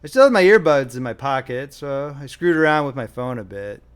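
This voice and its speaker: A man's voice: medium pitch, big pitch swings, fairly quick, clean tone. Young man narrating his own audiobook wryly. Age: young adult. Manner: wry, self-deprecating. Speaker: author and narrator.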